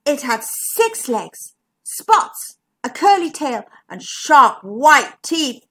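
Woman, children's storyteller, reading a picture book aloud, sing-song, high voice. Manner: slow, sing-song and expressive.

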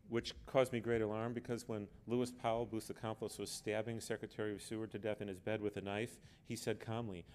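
A man's voice: fairly low pitch, a little mellow, slight background noise. A man speaking as an author on a book festival panel, earnest and emphatic, often repeating words as he goes. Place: book fair event.

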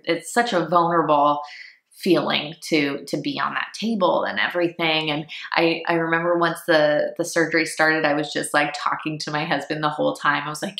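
A chatty woman vlogger in her thirties recorded at home on a camera mic. Her low voice has a bright, gravelly edge, and the room around her is noticeably echoey. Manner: chatty, laughing, emotional, with lots of fillers. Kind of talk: casual personal storytelling.

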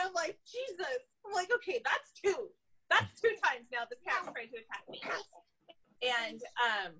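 A woman, an animal control officer, telling a story from her work in an animated, casual way, laughing often. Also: on the high side, poor audio.

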